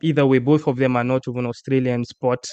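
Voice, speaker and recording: A man hosting a casual sports chat, animated and rambling, often restarting his sentences. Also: medium pitch, fast, smooth, no room sound, lo-fi sound. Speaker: podcast host.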